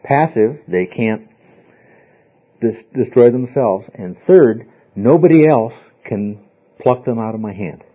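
A man's voice: medium pitch, lively intonation, slow pace, husky. A man teaching a Bible study class in an emphatic, informal way, often checking with his listeners. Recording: dull lo-fi recording.

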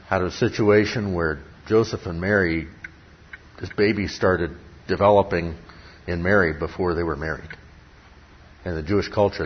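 A man's voice: low-pitched, husky. A man teaching from the Bible. He stresses key words by repeating them and throws rhetorical questions at his listeners. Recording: dull lo-fi recording with faint ambience.

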